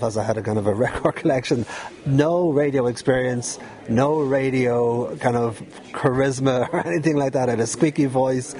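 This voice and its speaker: A middle-aged Dublin man talking through his memories in a loose, chatty way, often breaking into a laugh. His voice is mellow and soft-edged, sitting at an ordinary pitch for a man. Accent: Dublin Irish. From Dublin, Ireland. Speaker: guest, former pirate radio DJ. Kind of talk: relaxed storytelling interview.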